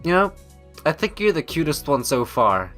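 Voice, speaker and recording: A man hosting a visual novel playthrough, reading aloud and breaking off into rambling, excitable asides. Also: a little high, normal speed, faint music behind. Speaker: let's-play host.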